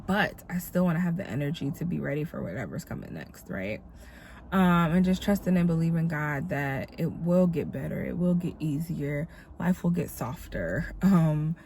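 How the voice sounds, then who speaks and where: This dancer and vlogger sounds tired, congested and a bit nasal as she hosts a casual devotional vlog, reflective and encouraging, with lots of fillers. Her voice is low, creaky and darkish, and there's slight background noise.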